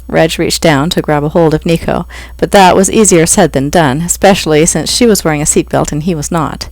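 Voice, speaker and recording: An author reads a passage of a novel aloud at a steady, even pace. The voice has a gravelly texture, and the sound is dry and close with no room echo. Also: medium pitch, fairly quick, hardly any pauses. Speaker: author reading own book. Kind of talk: audiobook reading.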